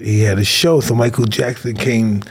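A man's voice: mid-range voice, moderate pace, slightly rough. A man hosting a podcast, telling stories casually and animatedly. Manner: animated storyteller. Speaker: host. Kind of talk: casual storytelling.

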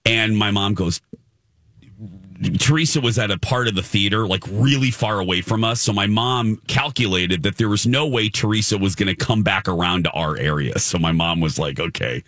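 A man's voice: fairly low pitch, moderate pace, no room sound. A man telling a story in casual podcast chat, acting out the people he quotes. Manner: animated, dramatic storyteller who acts out quotes.

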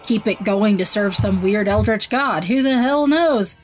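A woman playing in a tabletop game, speculating briskly about what is going on. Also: mid-range voice, lively intonation, over loud music. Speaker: player. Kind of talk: casual tabletop play.

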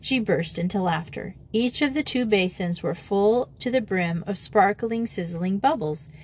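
A woman's voice: mid-range voice, a little slow, slight background noise. Woman reading a children's story aloud. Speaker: audiobook narrator.

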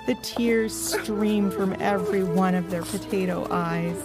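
A woman narrating a children's storybook in a gentle, expressive way. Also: mid-range voice, unhurried. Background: music.

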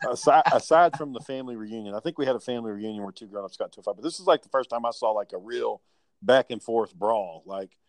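A man's voice: on the low side, a little mellow, no room sound. A young man, telling rambling, profane family stories in casual chat with his brother.

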